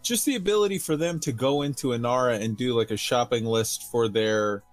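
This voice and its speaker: A man co-hosting a casual podcast, speaking in an excited, emphatic way. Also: mid-range voice, fairly quick, no room sound, faint music behind. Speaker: podcast co-host.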